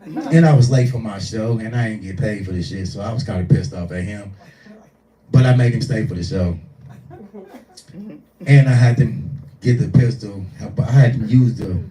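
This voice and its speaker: A man in his forties doing live stand-up, telling a profane, animated story and acting out the voices in it. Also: lowish voice, moderate pace. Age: 40s. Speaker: stand-up comedian. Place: small live venue. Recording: echoey room, distant mic.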